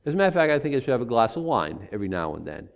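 A middle-aged man preaching a sermon in an animated way, acting out the excuses people make. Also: medium pitch, rapid-fire. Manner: animated, acts out rationalizing voices.

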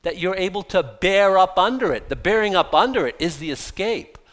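A man preaching a sermon as a pastor, emphatic and blunt, mocking excuses in quick put-on voices. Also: high-pitched, lively intonation, fairly bright tone.

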